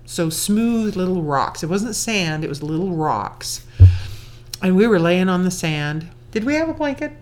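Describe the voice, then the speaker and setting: Low-voiced woman telling a chatty story. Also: lively intonation, a little slow, slight background noise. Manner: chatty, self-mocking, laughs often, acts out quotes. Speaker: storyteller recalling her courtship. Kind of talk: casual personal storytelling.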